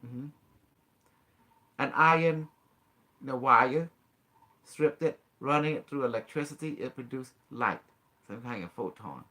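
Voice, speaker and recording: In a relaxed guided demonstration, the host speaks at medium pitch with a sharp tone, unhurried and pausing at length. He instructs and encourages his guest step by step, laughing often, his grammar broken like a non-native speaker's.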